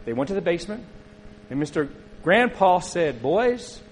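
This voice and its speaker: A man's voice: high-pitched, sing-song, normal speed, slight background noise, rough recording. A middle-aged man preaching a sermon as a pastor, telling a story in a conversational way and turning to ask the congregation questions.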